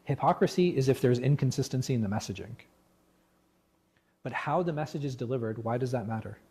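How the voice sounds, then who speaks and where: A man leading a religious class discussion as imam, animated and full of rhetorical questions, often restarting his words. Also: medium pitch, fairly quick, slightly rough. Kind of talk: interactive religious class talk. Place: mosque class room.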